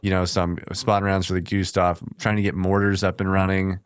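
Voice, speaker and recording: A man from the United States speaks in a very low, smooth and resonant voice, recounting his combat experience as a podcast guest. His delivery is casual and matter-of-fact. The dry studio recording picks up no room sound. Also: completely flat delivery, brisk, dry recording. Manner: plainspoken, matter-of-fact, with brief laughs. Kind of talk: casual storytelling in conversation.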